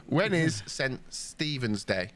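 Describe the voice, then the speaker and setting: A man's voice: medium pitch, slow, slight background noise. A man hosting a podcast quiz in casual chat, laughing often as he reads out questions. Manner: laughs often, animated quizmaster. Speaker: podcast host running a quiz.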